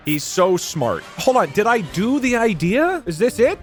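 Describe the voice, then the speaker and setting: A man in his thirties hosting a live stream, excitable and mock-incredulous, laughing often. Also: sits high, slow, slightly rough, no echo. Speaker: streamer host. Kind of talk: casual live-stream chat.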